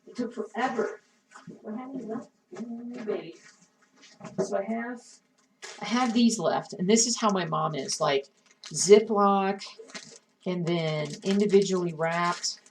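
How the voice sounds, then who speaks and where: A woman's voice: mid-range voice, unhurried, long pauses, recorded from a distance. A woman chatting casually with her live-stream viewers while she cross-stitches, often muttering to herself as she works. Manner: chatty, talks to herself and chat while working.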